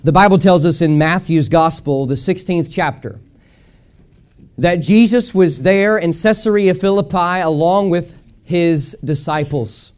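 A man with a notably high voice preaching a sermon at a church service. He hammers points home through rhythmic repetition and asks the congregation to speak with him. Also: unhurried, darkish tone, clear, resonant tone. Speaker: pastor.

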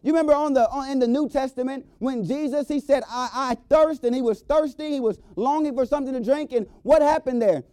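A man with a high, dark-toned voice preaches a revival sermon. He reads scripture aloud and builds his points with emphatic rises and slow, stretched phrases. The sound is close and dry. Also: smooth, no room sound. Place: church sanctuary.

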